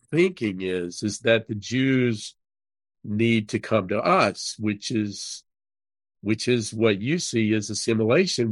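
A man speaking as an interview guest, telling a story earnestly with halting restarts. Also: lowish voice, dry recording. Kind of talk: casual interview conversation.

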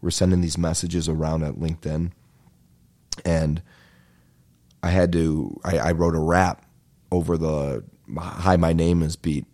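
A young man rants his way through a comedic story, jumping from tangent to tangent and swearing freely. His voice sits low and mellow, with a dark, relaxed tone. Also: measured pace, long pauses. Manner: rambling, animated storytelling with frequent swearing. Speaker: podcast host. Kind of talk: comedic rant.

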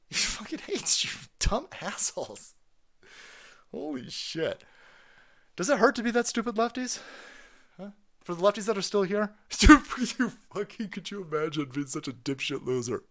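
A man's voice: sits high, very animated, normal speed, fairly bright tone. A man hosting a livestream, ranting about politics in a profane, mocking way and laughing often. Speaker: livestream host. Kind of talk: foul-mouthed political comedy rant.

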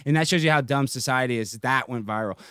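A man as a guest on a podcast, ranting in loud, brash banter and swearing a lot. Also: mid-range voice, fast talker, clean tone, no room sound, clean studio sound.

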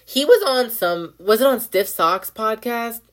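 A woman's voice: on the high side, expressive, measured pace. A young woman hosting a podcast, ranting bluntly with lots of profanity, repeated phrases and "like" fillers. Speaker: podcast host. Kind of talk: casual rant monologue.

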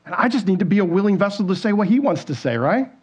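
On a church stage, a fast-talking pastor with a high, husky voice and lively intonation preaches a conversational sermon. He throws questions at the congregation and acts out the voices in people's heads.

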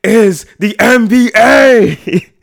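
A man voicing a self-important male warrior king who makes slow, overblown proclamations. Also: very high voice, vocal fry, voice pushed up, heavily acted. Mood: proclaiming.

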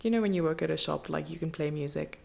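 A woman's voice: low voice, fast talker, gravelly, darkish tone. A woman co-hosting a podcast in casual chat, laughing often as she talks. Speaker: podcast co-host.

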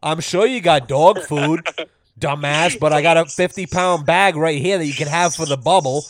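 A man hosting a podcast, telling stories in a blunt, profane, animated way. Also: fairly high pitch, moderate pace. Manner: blunt, swearing, animated storytelling. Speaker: podcast host. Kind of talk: casual profane podcast chat.

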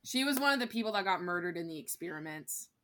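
A woman's voice: fairly low pitch, animated, quick pace, bright, forceful tone. A woman player at a tabletop game, chatting casually and making sardonic quips.

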